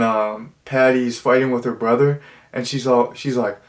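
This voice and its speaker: A man talks through a movie review in a loose, rambling way. He circles back on himself, piles on fillers and restarts sentences as he goes. His voice sits at an ordinary middle pitch. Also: steady tone, moderate pace. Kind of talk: casual spoken movie review.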